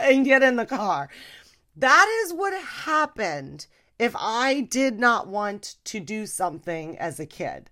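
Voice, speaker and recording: A woman rants through a casual, comedic podcast chat. Her delivery is animated and full of swings in pitch, and she keeps jumping into a high, mimicking voice. Her speaking pitch sits in the middle for a woman. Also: moderate pace. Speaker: podcast host.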